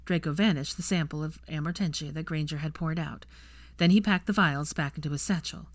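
A woman narrating a fan fiction story softly, reading to listeners. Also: deep voice, brisk, no room sound. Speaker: audiobook reader.

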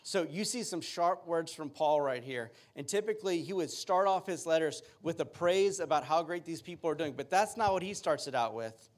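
A man's voice: on the high side, expressive, moderate pace, hardly any pauses. A male pastor preaching a sermon, earnestly reading scripture aloud and driving its meaning home.

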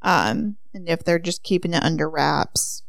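A woman's voice: low voice, unhurried, gravelly, no echo, studio quality. A woman co-hosting a podcast, chatting casually as she recaps a book and reads out quotes. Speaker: podcast co-host.

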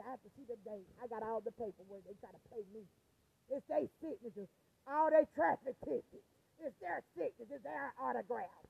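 A woman's voice: high-pitched, gravelly, no echo. A distressed woman venting angrily and cursing, repeating herself as she tells of her ordeal, recorded at home. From United States. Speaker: vlogger telling of her ordeal. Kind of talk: emotional personal rant. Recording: tinny phone-like audio.

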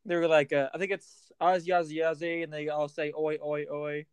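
A man's voice: on the high side, steady tone, a little fast, clear, resonant tone, no echo. A young man co-hosting a podcast, telling laid-back anecdotes and acting out what friends said. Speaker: podcast co-host. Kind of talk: casual chat.

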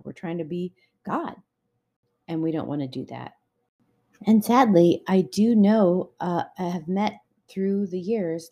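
A woman's voice: medium pitch, dark tone. A middle-aged woman giving a casual devotional talk, conversational and full of personal anecdotes. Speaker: Christian relationship speaker.

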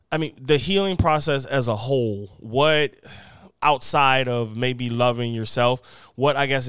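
Smooth-voiced man hosting a podcast. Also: mid-range voice, a bit bright, no room sound, studio quality. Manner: thoughtful, searching, long rambling questions. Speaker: podcast host. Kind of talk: casual podcast interview.

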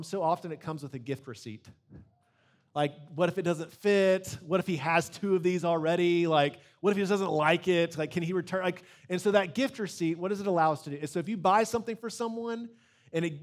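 A young man preaching an Easter sermon in a church, conversational and earnest, slowing down to stress key points. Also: high-pitched. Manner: conversational, earnest, slows down for emphasis. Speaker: pastor. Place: church sanctuary before a congregation.

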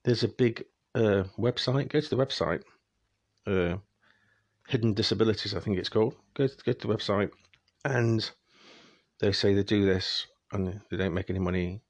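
A man's voice: fairly low pitch, normal speed, no echo. A young man ranting in a casual, exasperated monologue to his viewers, speeding up when annoyed. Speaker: vlogger.

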